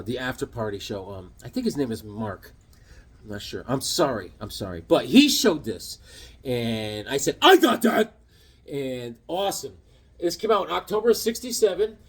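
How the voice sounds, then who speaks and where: A middle-aged man chatting casually about his comic books, an animated storyteller who acts out voices as he goes. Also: on the high side, slightly rough. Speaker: comic book vlogger. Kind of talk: casual show-and-tell chat.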